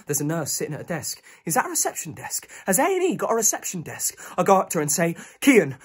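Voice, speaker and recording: A frantic young Londoner in a one-man theatre monologue, racing and breathless in the present tense. The voice is husky and set fairly high. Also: wildly swooping pitch, fast talker, exaggerated voice. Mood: desperate. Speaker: stage performer.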